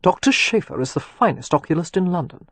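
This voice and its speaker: A woman reading a wry, teasing young gentleman. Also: on the high side, expressive, fairly quick, dry recording. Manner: teasing, confident, reflective. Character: wry, self-assured young gentleman architect.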